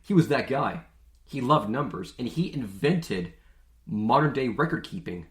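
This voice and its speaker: Man, podcast host, casual chatty monologue, jokey, mid-pitched, echoey room. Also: expressive, unhurried.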